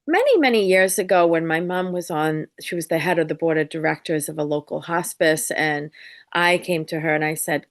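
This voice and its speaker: A woman guest on an interview show, telling lively, lighthearted stories and acting out quotes as she talks. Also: low voice, moderate pace. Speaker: psychic medium guest. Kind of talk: casual interview storytelling.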